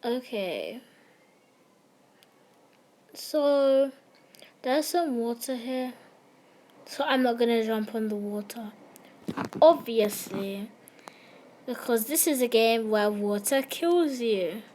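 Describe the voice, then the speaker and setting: A woman's voice: on the high side, takes it slowly, long pauses, slight background noise. A young woman chatting casually and giggling while she plays and streams an online game. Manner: chatty, giggly, easily excited. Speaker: gamer streamer.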